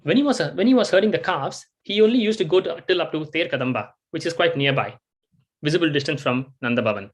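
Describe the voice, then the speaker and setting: A man giving a devotional storytelling talk, animated and acting out the scenes he tells. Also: a little high, fast. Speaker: devotional speaker.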